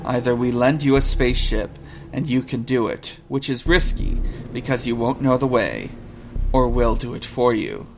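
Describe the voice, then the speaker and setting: A man voicing a polite male android crewman in a measured, formal way. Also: medium pitch, expressive, faint music behind, close to an everyday voice. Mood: calm.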